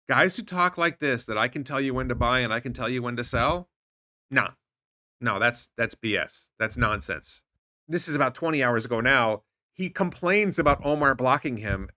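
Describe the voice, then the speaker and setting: A middle-aged man hosting a stock market livestream, talking in an animated, indignant way with lots of rhetorical questions. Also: medium pitch, no room sound. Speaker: stock market show host. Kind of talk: livestream commentary.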